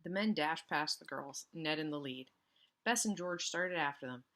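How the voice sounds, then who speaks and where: Low-voiced woman reading a story aloud. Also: moderate pace. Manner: expressive reading with casual asides. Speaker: teacher reading aloud to students.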